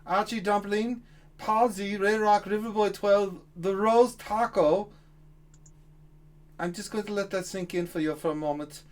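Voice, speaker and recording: A man's voice: high voice, steady tone, unhurried. A man voicing a cranky, foul-mouthed male frog puppet who insults and boasts through a list of names. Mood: mocking. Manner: insulting, boastful, rambling roll call.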